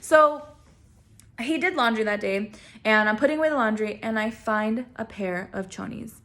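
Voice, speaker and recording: A young woman telling a personal story to camera in a casual, self-mocking way. She laughs often and acts out quoted lines with big swings in pitch. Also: normal speed, fairly bright tone. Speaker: vlogger.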